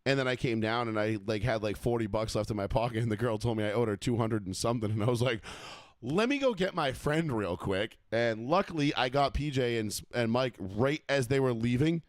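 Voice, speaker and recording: A man's voice: medium pitch, fairly even intonation, fast, few pauses, no room sound. Blunt, swearing male co-host with a dry, close sound. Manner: blunt, swears freely, ranting storyteller. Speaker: podcast co-host. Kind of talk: casual profane chat.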